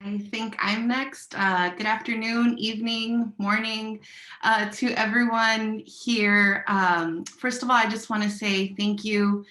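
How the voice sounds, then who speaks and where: A woman's voice: mid-range voice, fairly even intonation, slow, pushed and bright. An emotional woman academic introduces herself on a video call. Her voice sits in a roomy, echoing space with plenty of reflection. She sounds moved and grateful throughout. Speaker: assistant professor. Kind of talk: webinar introduction.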